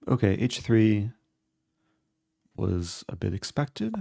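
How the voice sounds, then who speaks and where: A man streaming live, thinking aloud as he calculates his moves in a relaxed, halting way. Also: on the low side, gravelly, dry recording. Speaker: chess streamer. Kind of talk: live-stream game commentary.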